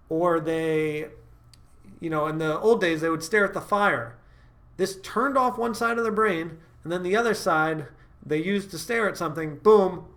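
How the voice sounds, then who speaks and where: A man's voice: high voice, a bit bright. A man giving dating advice straight to camera, upbeat and emphatic, often checking in with his listeners. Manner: upbeat, emphatic, frequent "all right?" check-ins. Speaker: dating coach. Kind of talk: direct-to-camera advice talk.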